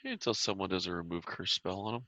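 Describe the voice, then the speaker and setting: A man's voice: low voice, fast, pushed and bright. A man running a tabletop game as game master, narrating and teasing the players in a dry way. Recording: dull lo-fi recording.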